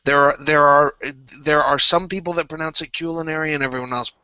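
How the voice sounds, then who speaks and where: Man, American accent, insistent, lecturing, bright and forceful, muffled dry audio. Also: on the high side, steady tone, quick pace, smooth, no room sound. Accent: General American. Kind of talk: casual group chat on a livestream.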